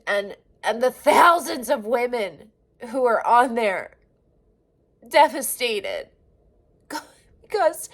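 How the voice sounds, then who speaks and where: Raw, frustrated woman in her forties venting. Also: on the high side. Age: 40s. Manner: raw, emotional venting with frequent swearing; halting, restarts and trailing phrases. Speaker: vlogger. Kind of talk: personal video diary.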